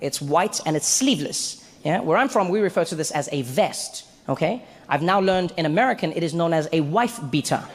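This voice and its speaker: A man with a South African accent telling stand-up stories in an animated way, with his voice climbing high when he gets excited. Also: fairly quick, hardly any pauses, a little hiss or hum. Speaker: stand-up comedian. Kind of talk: stand-up storytelling. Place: comedy stage.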